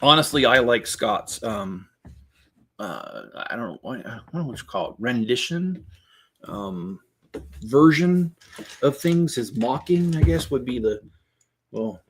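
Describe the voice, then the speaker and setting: A man's voice: mid-range voice, expressive, a little slow, fairly bright tone, breathy edge. A middle-aged man hosting a casual building stream, rambling as he talks to viewers in the chat. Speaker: Lego building channel host.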